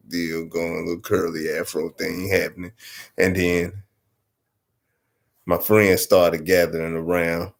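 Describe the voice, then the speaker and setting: A storyteller host from Arkansas with a Southern US accent spins a comic story in a loose, profane, rambling way, constantly asking "you know what I'm saying." His voice sits low and gravelly.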